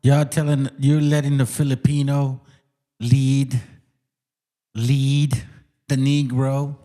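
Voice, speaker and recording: A man's voice: mid-range voice, flat delivery, slow pace, mellow. A co-host man chiming in with a casual, incredulous and profane way of talking. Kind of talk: casual chat.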